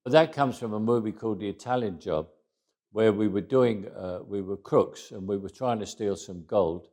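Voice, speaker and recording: An older Englishman with a London accent tells stories in a relaxed interview. His voice sits very low, and he talks in a wry, anecdotal way, often stopping to restart a phrase before slipping into quoted dialogue. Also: normal speed. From England. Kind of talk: casual interview storytelling.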